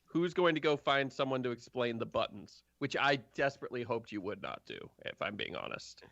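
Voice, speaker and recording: A man in the game master's seat, talking in a loose, chatty way with plenty of fillers. His voice sits at an ordinary middle pitch. The sound is dry and a bit dull, like lo-fi stream audio. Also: big pitch swings, fairly quick, gravelly, a bit bright, no room sound. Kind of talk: running a tabletop game on a live stream.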